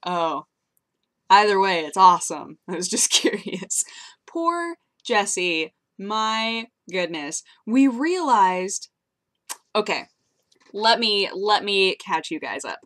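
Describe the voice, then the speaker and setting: A woman's voice: medium pitch, fairly bright tone. A young woman vlogging casually into her webcam, telling rambling stories with frequent giggles. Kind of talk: casual chatty vlog.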